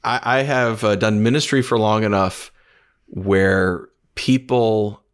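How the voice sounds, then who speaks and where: A man's voice: on the low side, fairly even intonation, slow pace, clean tone. A man who has been in ministry for years, co-hosting a faith podcast and talking earnestly, with frequent restarts. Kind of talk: casual devotional discussion.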